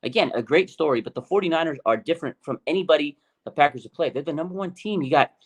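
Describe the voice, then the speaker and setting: Excitable higher-voiced man hosting sports chat. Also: fast, husky. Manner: excitable storyteller, animated and emphatic. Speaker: podcast host.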